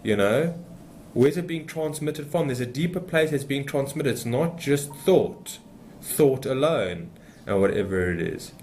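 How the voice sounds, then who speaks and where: Man, meditation teacher, emphatic, rambling, mid pitch, light background hiss. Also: expressive, unhurried, darkish tone. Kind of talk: unscripted spiritual talk.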